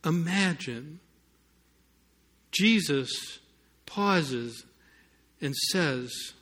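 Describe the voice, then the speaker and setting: Male preacher, slow and deliberate, slightly high and bright voice, storytelling sermon with emphatic peaks. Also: animated, husky. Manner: storytelling, rising to emphatic peaks, some sarcasm. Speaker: pastor.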